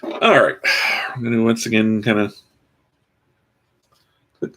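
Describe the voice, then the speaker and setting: Gravelly man chatting while building. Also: mid-range voice, animated, measured pace, pauses often, fairly bright tone. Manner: rambling, dry self-mocking asides. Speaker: vlogger building a toy kit. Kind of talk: casual live-stream commentary.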